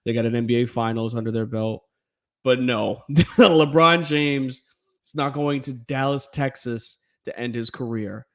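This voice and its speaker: Animated man in sports podcast chat. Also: mid-range voice, measured pace. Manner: animated, laughing, does mock voices. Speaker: podcast co-host.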